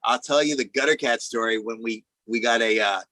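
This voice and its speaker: A man, a musician guest, casually telling animated anecdotes and acting out the voices of people in them. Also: mid-range voice, fairly quick, no room sound, rough recording. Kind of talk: casual storytelling chat.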